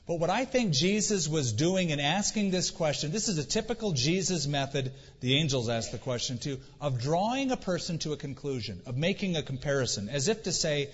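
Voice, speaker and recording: Male pastor, earnest sermon delivery, somewhat high voice, dull recording with long church echo. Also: lively intonation, slightly rough. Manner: earnest preaching with dramatic pauses and rhetorical questions.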